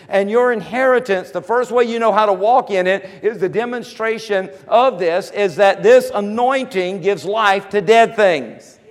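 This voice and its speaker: A man preaching a sermon as pastor, building from steady teaching to shouted, repetitive declarations. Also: sits high, long reverb tail. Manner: rising to shouts, repetitive call-and-response cadence.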